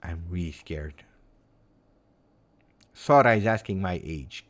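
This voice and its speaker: Italian guy on a live stream, super low voice, chatty and rambly with lots of ums. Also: slow, pauses often. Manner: rambling and expressive, with many fillers. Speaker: football channel host. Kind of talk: casual live-stream chat.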